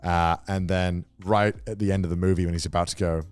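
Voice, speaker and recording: Deep-voiced man rambling through a recap. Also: level tone, quick pace, darkish tone, smooth, no room sound, soft background music. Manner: rambling recap with fillers and self-corrections. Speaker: podcast co-host. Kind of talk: casual chat.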